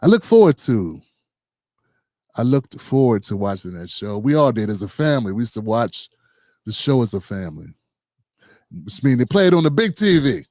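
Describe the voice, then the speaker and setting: A man in his fifties, co-hosting a podcast panel, talking reflectively with frequent pauses and fillers. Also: medium pitch, very animated, a little mellow, no room sound, studio quality. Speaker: podcast co-host. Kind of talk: panel discussion.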